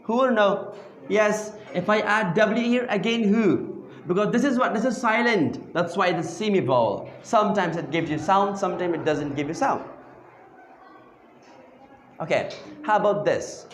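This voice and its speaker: High-voiced man teaching grammar, echoey. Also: lively intonation, moderate pace, slight background noise. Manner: questioning, repeats phrases and asks the class to answer back. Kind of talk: classroom grammar lesson. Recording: echoey room.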